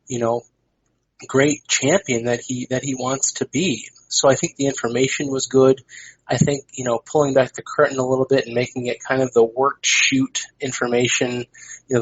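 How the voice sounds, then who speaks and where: A man's voice: mid-range voice, slightly rough. A man talking as a guest on a podcast, making emphatic points and peppering them with "you know". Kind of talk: casual podcast discussion. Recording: dull lo-fi podcast audio.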